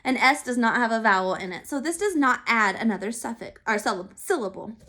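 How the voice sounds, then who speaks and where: A woman teaching a phonics lesson to young children, sounding out letters and syllables slowly and clearly. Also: on the high side, lively intonation, bright, forceful tone. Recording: recorded for remote learning.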